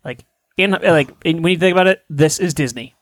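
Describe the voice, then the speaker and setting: A man's voice: on the high side, a little fast, no room sound, clean studio sound. Teasing man with a raised voice. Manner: teasing, joking, with many fillers. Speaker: podcast co-host. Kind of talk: casual chat.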